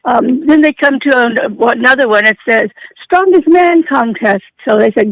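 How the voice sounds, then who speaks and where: A caller to a radio show who tells a joke at an unhurried pace, pausing as the story goes. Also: mid-range voice, no echo. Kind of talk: telling a joke on a call-in. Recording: dull phone line.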